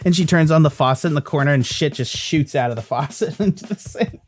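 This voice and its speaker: A man narrating as dungeon master in a tabletop game podcast, casual and quick with profanity. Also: on the high side, a little hiss or hum.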